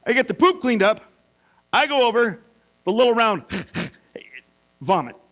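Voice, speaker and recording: A middle-aged male pastor telling a self-mocking story in a sermon, animated and playful. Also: very high voice, unhurried. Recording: mains hum.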